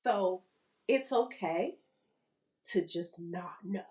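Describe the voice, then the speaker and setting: A middle-aged woman co-hosting a casual podcast chat, animated and repeating phrases for emphasis. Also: fairly low pitch, slow pace, rough recording. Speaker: podcast co-host.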